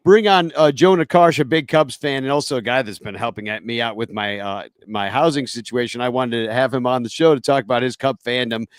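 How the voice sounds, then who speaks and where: A man's voice: medium pitch, brisk, hardly any pauses, no echo, studio quality. A man hosting a live fan podcast, rambling casually with lots of fillers and laughs. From Chicago. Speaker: podcast host. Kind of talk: casual live-stream chat.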